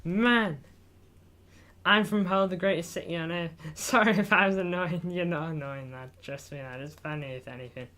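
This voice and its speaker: A man livestreams about football from in front of an indoor green screen, chatty and jokey, reading viewers' messages aloud and calling them lad. His pitch is fairly high, his tone sharp, his pace moderate.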